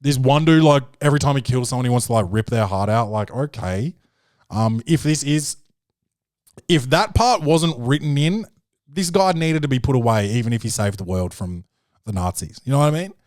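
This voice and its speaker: A man's voice: medium pitch, animated, moderate pace, darkish tone, no echo, clean studio sound. A man hosting a comedic podcast, rambling in a jokey, profane way and slipping into quoted voices. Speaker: podcast host. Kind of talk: comedic film-review podcast rant. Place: home podcast studio.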